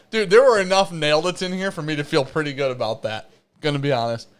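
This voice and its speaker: A man's voice: on the high side, expressive, normal speed. A man hosting a casual live whiskey-tasting stream, joking, swearing and reading viewer comments aloud. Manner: profane, joking, reads chat comments aloud. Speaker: show host.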